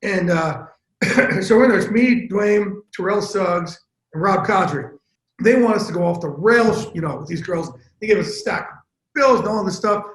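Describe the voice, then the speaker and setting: Animated storytelling man, echoey room. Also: high voice. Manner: animated, profane, fast-talking storyteller. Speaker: interview guest, sports broadcaster. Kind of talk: casual storytelling chat.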